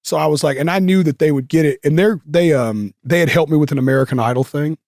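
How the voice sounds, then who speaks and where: Speaking fast in a high-side, darkish voice, this man is a guest in a casual interview, telling stories. He rambles, leans heavily on fillers, and keeps restarting and correcting himself. The studio recording is clean, without echo.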